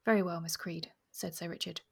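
Husky, gravelly-voiced woman reading aloud. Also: lowish voice, steady tone, brisk. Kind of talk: reading aloud and discussing a novel.

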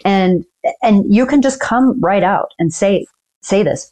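A woman, a dental attorney, explaining negotiation tactics in an earnest, measured way as an interview guest. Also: medium pitch, darkish tone. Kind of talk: casual interview talk.

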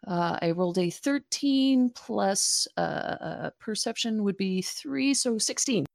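A woman's voice: mid-range voice, animated, slow, creaky. A woman playing a tabletop game, hesitant and full of fillers as she describes her character's actions. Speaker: player.

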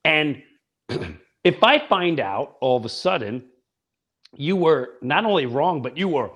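A man in his fifties, a comedian chatting on a podcast, animated and acting out voices with loud outbursts. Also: fairly high pitch, takes it slowly. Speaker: guest comedian. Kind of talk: casual podcast chat.

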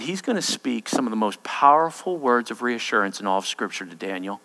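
A man preaching a sermon, swinging between loud, intense lines and hushed, quiet ones. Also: mid-range voice, animated, fairly quick, hardly any pauses.

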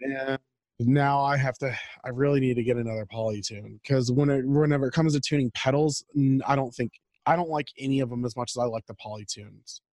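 A podcast co-host talks casually about food and guitar gear, letting the conversation ramble, while recording on a home mic over a video call. His mid-range voice moves fairly quickly and sounds a little mellow, and the audio is dry but rough.

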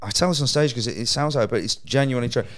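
A man's voice: mid-range voice, racing. A man, a stand-up comedian telling a sweary anecdote in casual chat and laughing through the punchlines. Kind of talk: casual podcast chat, storytelling.

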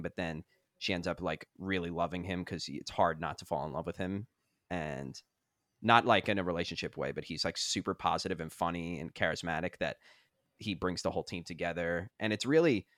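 Young male podcast co-host, very low voice, dry close mic, rambling and enthusiastic. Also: fairly bright tone, no echo. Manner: rambling, enthusiastic, many fillers. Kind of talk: casual podcast chat.

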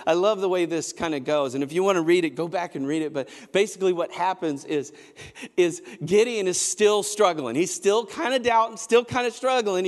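A man preaching a sermon as pastor, telling a story and building to shouted emphasis. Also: sits high. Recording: long hall reverb.

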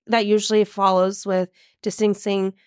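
A woman co-hosting a podcast in casual chat, reacting with quick agreement and giggly asides. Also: medium pitch, level tone, clean tone, dry recording, clean studio sound. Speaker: podcast co-host.

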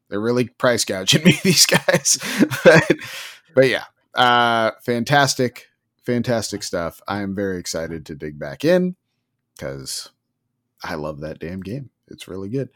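A man co-hosting a casual gaming podcast, animated and sarcastic, slipping into mocking voices. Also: medium pitch. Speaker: podcast co-host. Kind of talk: casual gaming news chat.

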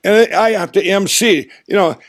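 High-voiced, excitable man telling stories. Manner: excitable, animated storyteller with quick asides. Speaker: guest. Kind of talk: casual storytelling interview.

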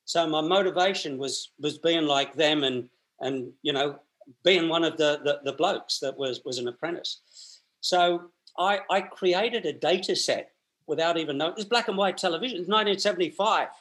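A man's voice: fairly high pitch, normal speed, fairly bright tone. A man, telling long stories as an interview guest and often restarting and repeating his words. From Australia. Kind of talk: storytelling in a conversational interview.

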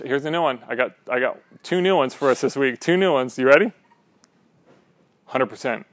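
A man's voice: medium pitch, dry recording. A man teaching a sermon in a conversational, playful way, often checking in with "right?". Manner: animated, playful asides.

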